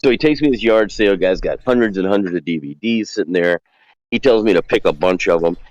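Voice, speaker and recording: A man with a low voice tells a winding story, slipping into the voices of the people he quotes. The sound is dry and close, with no room around it. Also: quick pace, no echo, lo-fi sound. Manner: rambling, acts out quoted dialogue. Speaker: guest calling in. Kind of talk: casual storytelling.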